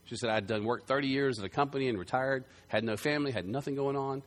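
A man preaching a sermon, telling a story with loud bursts that drop to quiet, earnest passages. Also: mid-range voice, fast talker. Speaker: pastor.

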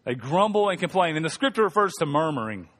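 High-voiced male pastor, echoing hall. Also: big pitch swings, fast, a bit bright. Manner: conversational, humorous, calls for congregation responses. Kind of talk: sermon. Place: church sanctuary.

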